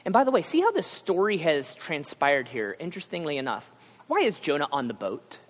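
A male pastor preaching a conversational sermon, acting out characters in quick asides. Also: fairly high pitch, wildly swooping pitch, slightly rough. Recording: long hall reverb.

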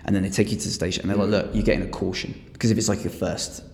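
Lower-voiced English man, echoey room. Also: racing, creaky. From England. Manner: animated storyteller, swears freely, acts out quotes. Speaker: podcast guest. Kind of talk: casual chat. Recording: echoey room with long reverb.

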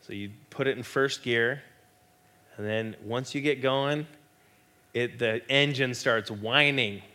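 Male pastor, middle-aged, bright tone; animated, joking sermon delivery with acted-out quotes. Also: medium pitch, slow pace. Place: church.

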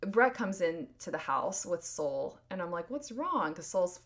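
Here a podcast host in her thirties talks alone, her voice on the low side, expressive and measured in pace. The monologue is casual and sincere but meandering, full of "like" and false starts.

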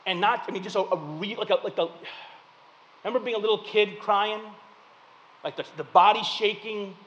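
High, bright-voiced preacher man in a hall. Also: normal speed, muffled recording. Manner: animated storytelling, swings from loud punchlines to hushed reflection. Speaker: pastor. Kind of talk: sermon with personal stories.

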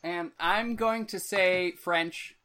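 A playful, teasing podcast co-host with a mid-pitched voice, chatting casually and setting up games. A faint hiss sits under the recording. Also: fairly even intonation, slow, pushed and bright. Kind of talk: casual banter.

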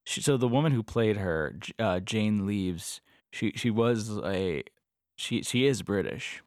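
A man co-hosting a podcast in casual chat, talking in halting bursts full of "like" and restarts. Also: on the low side, animated, a little mellow, no room sound, studio quality. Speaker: podcast co-host.

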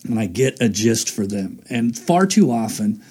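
Husky earnest man talking about faith. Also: on the low side, very animated, moderate pace, mellow. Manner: earnest, rambling with restarts. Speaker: host. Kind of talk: casual faith talk.

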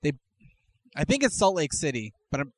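A man co-hosting a podcast, excitable and quick to laugh. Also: on the high side, dry recording. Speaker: podcast co-host. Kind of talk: casual chat.

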